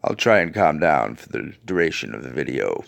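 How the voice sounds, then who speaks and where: A man's voice: a bass voice, very animated, fairly quick, gravelly. A man hosting a video, ranting to his viewers in an angry, profane and sarcastic way. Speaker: video host.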